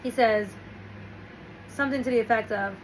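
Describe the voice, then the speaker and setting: A woman's voice: a little high, normal speed, a little hiss or hum, rough recording. A woman host talking casually and rambling through a story while giving relationship and self-help advice. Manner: rambling, restarts, storytelling with quoted asides.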